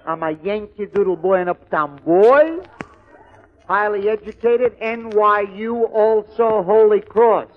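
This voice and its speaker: A man's voice: high-pitched, slow. A man doing a brash, boastful barfly. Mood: blustering. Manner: loud, swaggering, chummy bluster. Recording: lo-fi old radio recording, faint hiss.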